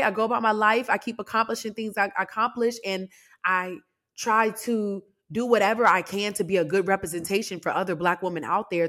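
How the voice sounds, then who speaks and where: Lively woman telling a story on her podcast. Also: medium pitch. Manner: lively, animated retelling with laughs and asides to listeners. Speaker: podcast host. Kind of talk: casual solo podcast storytelling.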